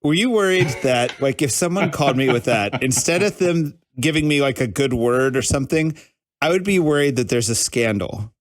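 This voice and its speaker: A man's voice: mid-range voice, lively intonation, normal speed. A man hosting a podcast, chatting casually with his guest and using lots of filler words. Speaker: podcast host. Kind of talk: casual interview chat.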